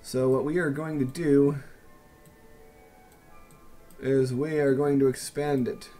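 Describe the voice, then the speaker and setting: A man's voice: medium pitch, level tone, slow, warm tone, faint music behind. A man casually commenting on his city-building game in a wry, sarcastic, musing way. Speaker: let's play host.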